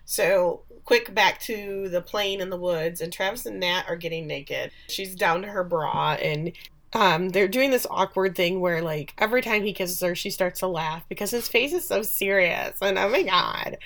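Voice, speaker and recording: A woman's voice: lowish voice, moderate pace, a bit bright. A woman co-hosting a podcast, chattily recapping a TV episode and acting out the characters' lines. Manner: chatty, opinionated, acts out quoted lines. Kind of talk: casual recap chat.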